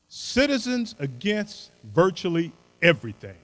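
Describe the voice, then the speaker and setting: Brief: older male keynote speaker, folksy and emphatic, animated delivery. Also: fairly high pitch, measured pace, poor audio. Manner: punchy short maxims. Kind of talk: motivational speech.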